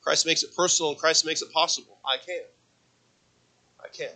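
A man preaching from the pulpit in a high, piercingly bright voice. He drives his points home with repetition, rising to loud emphatic peaks and then dropping to hushed, low passages as he calls the congregation for amens. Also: fairly even intonation, moderate pace. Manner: repeats phrases for emphasis, asks the congregation for amens. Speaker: pastor. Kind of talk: sermon.

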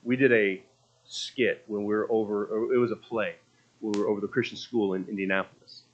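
A man's voice: on the low side, fairly even intonation, brisk, highs cut off. A man preaching a sermon in a conversational, storytelling way, often restarting his phrases.

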